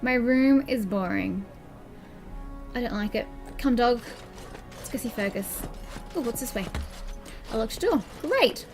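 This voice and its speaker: Woman, let's play commentary, chatty, sarcastic, higher voice, faint music behind. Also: expressive, unhurried, long pauses. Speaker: gaming streamer.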